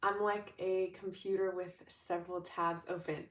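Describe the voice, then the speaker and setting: A chatty, upbeat young woman with a fairly low voice, coaching her audience in a relaxed, rambling way. She sits some distance from the mic, so her voice carries a roomy echo. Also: moderate pace, a little hiss or hum. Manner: chatty, upbeat, many fillers and restarts. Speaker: manifestation coach. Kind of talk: casual livestream talk.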